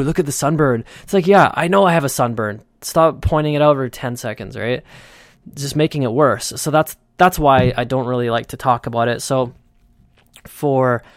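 Smooth-voiced man telling a rambling story. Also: medium pitch, no room sound, clean studio sound. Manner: chatty, rambling, frequent fillers and restarts. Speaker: podcast host. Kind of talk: casual storytelling monologue.

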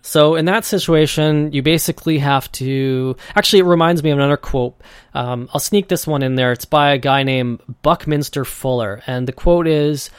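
A man's voice: fairly high pitch, moderate pace, clean tone, dry recording, clean studio sound. A man hosting his own podcast, talking loosely and conversationally and acting out the voices he quotes. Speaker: podcast host. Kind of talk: casual solo podcast monologue.

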